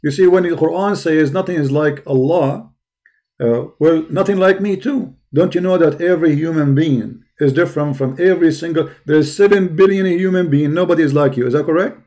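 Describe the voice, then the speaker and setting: A man with an Arabic accent argues as a debate host, pressing his point and cutting in again and again. His voice sits fairly high but sounds dark and mellow. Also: brisk. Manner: insistent, repeats "no, no, no". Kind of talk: religious debate call.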